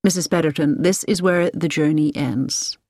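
A woman reading the lines of a cheerful young American man who speaks in a friendly, calm way. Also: low-pitched, normal speed, dry recording, clean studio sound.

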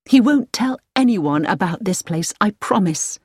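A frightened young woman pleads urgently and desperately, as a woman reads her aloud in a story. Her voice swings widely in pitch. The recording is dry and close. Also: animated, measured pace, darkish tone, slightly rough, no echo. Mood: desperate pleading.

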